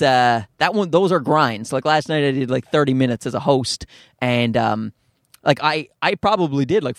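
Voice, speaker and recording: A man's voice: mid-range voice, no echo, studio quality. A man, a stand-up comedian, talking through a casual solo podcast monologue, rambling and running himself down, now and then slipping into mock voices. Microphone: studio mic through a field recorder.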